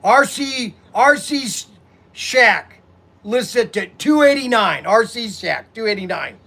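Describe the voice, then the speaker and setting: A man with a high, bright voice chats loosely with his viewers, rambling and animated. He runs a hobby shop and talks off the cuff into a phone on a tripod. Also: slow pace, gravelly. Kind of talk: casual livestream chat.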